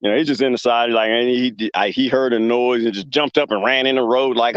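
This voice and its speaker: A man's voice: medium pitch, steady tone, brisk, few pauses, clear, resonant tone, no room sound. A man hosting a casual live stream, rambling and joking, laughing often and reacting to chat. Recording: dull lo-fi dry mic.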